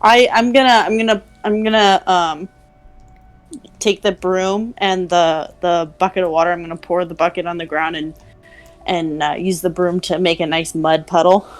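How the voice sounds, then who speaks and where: A woman's voice: on the low side, fairly even intonation, faint music behind. A woman playing a tabletop game over a call, speaking hesitantly with many restarts. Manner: hesitant, halting with fillers. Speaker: player.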